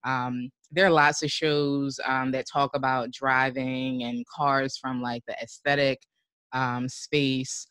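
A woman's voice: very deep voice, little pitch movement, slow pace, fairly bright tone, clean tone, dry recording, clean studio sound. A woman guest talking casually about driving, full of "like" and "you know" and frequent laughter. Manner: chatty, heavy use of "like" and "you know", laughs often. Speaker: podcast guest, driving show host. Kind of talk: casual conversational interview.

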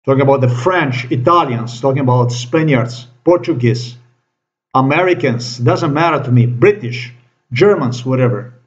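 A man's voice: mid-range voice, normal speed. A man delivering a profane, accusing monologue to camera, repeating his phrases as he rants. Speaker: vlogger. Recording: dull lo-fi recording.

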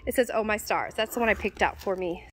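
A woman's voice: medium pitch, fast, fairly bright tone, low-quality recording. A woman chatting eagerly to viewers as she walks through a large warehouse store, filming on a handheld phone. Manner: gushing, chatty, addresses viewers as "you guys". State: out of breath. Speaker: vlogger. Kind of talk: store walk-through vlog.

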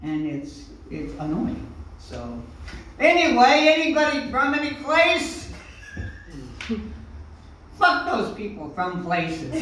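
An older stand-up comedian doing a rambling, profane set with loud swings, on a comedy club stage. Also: medium pitch, very animated, extremely slow, pauses often, slight background noise. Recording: echoey room from a distant mic.

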